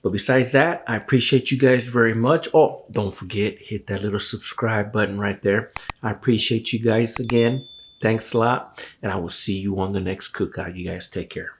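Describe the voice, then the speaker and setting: A man hosting his own barbecue channel, talking casually and enthusiastically to viewers while cooking outdoors at a grill. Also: fairly low pitch. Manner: slow, relaxed and enthusiastic, addressing viewers as guys. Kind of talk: casual cooking video talk to camera.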